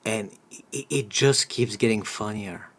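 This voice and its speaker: A man's voice: lowish voice, unhurried. A man chats on a podcast in a loose, rambling way. He swears freely and breaks into laughter often. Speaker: podcast host. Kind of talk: casual podcast chat.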